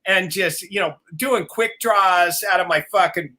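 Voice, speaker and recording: A man with a high, sharp-toned voice speaks a little slowly while telling wild road stories on a relaxed live video call. He laughs frequently, swears freely, and mimics other people's voices; his family is from Oklahoma.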